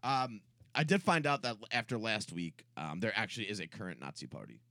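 A man's voice: lowish voice, animated, a little fast, pushed and bright, dry recording, clean studio sound. A man co-hosting a casual comedy podcast, rambling through jokes and laughing at his own bits. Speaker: podcast co-host.

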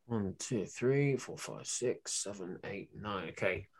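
A man's voice: lowish voice, takes it slowly, few pauses. A man hosting a casual quiz among friends, joking and teasing the players. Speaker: quiz host. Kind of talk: casual game chat.

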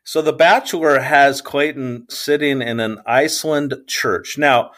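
A man's voice: medium pitch, a little slow, a bit bright. A man co-hosting a podcast, recapping a TV show in a rambling, hesitant way full of ums. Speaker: podcast co-host. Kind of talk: casual chat recap.

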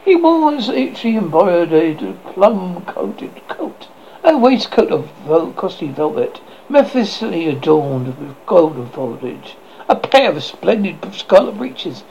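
Gravelly male horror host reading aloud. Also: sits high, very animated, slow pace, darkish tone. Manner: stumbling, self-correcting reading. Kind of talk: story reading. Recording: dull lo-fi with faint noise.

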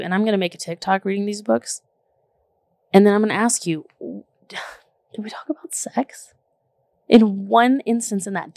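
A woman in her thirties chats casually with a gravelly edge of vocal fry. She tells her story in an animated, emphatic way, leaning on "like". Her voice sounds close and dry, with no room echo. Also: mid-range voice. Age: 30s. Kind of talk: casual chat.

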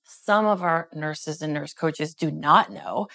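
A woman's voice: low voice, slow pace, fairly bright tone. A middle-aged woman co-hosting a podcast in casual chat, upbeat and enthusiastic, laughing often. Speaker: podcast co-host.

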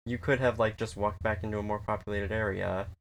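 A man chatting casually about a film, rambling, swearing and acting out scenes in quick little quoted voices. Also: fairly low pitch, steady tone, vocal fry, a little hiss or hum. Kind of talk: casual chat.

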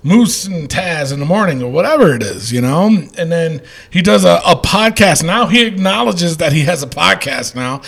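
Gravelly man rambling on a podcast. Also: on the high side, sing-song, normal speed, few pauses, fairly bright tone. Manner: rambling, with many fillers and restarts. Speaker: podcast host. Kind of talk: casual podcast chat.

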